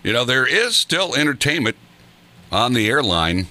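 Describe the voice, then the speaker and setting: A man's voice: mid-range voice, sing-song, moderate pace, sharp tone. A man hosting a morning radio show, chatting in an easygoing way with a chuckle. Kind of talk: casual radio chat.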